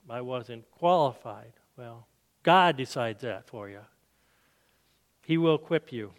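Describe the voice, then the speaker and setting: A man giving an earnest sermon testimony and leading prayer in a church, growing soft and low as he prays. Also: clear, resonant tone, in a large hall.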